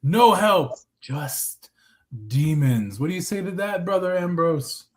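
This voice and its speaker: A man's voice: sits high, normal speed, soft background music. A man calling a wrestling match as play-by-play commentator, rambling and joking with frequent self-corrections.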